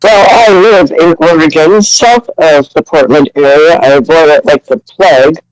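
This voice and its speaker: A woman's voice: low voice, moderate pace, a little mellow, rough recording. Caller, woman from Canada, fired-up swearing rant, apologetic. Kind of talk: live audio chat room call-in.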